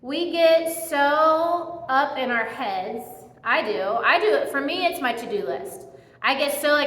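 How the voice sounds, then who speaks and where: A woman giving a casual, conversational sermon in a church, telling the story in a chatty and animated way. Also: high-pitched, a little slow. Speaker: speaker giving a church message. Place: church hall. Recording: echoey hall with long reverb.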